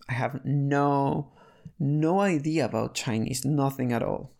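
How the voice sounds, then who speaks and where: Casual storytelling, gravelly edge, mid pitch, chatty, frequent restarts. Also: a little slow, a little mellow. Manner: chatty, many restarts and fillers. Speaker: storyteller recounting learning a language.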